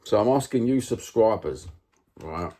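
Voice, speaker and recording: A Cockney man from London vlogging to his subscribers in a very low, husky voice. He sounds rattled, keeps repeating himself and asking rhetorical questions, with plenty of working-class slang. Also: lively intonation, unhurried, mellow. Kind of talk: casual vlog monologue.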